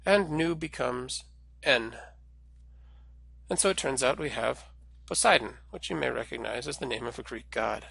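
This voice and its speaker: A man teaching a recorded language lesson, walking through each sound patiently and clearly. His voice has a gravelly edge and a bright, forward tone. The sound is close and dry. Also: mid-range voice, lively intonation, normal speed, pauses often, no echo. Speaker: Greek language instructor.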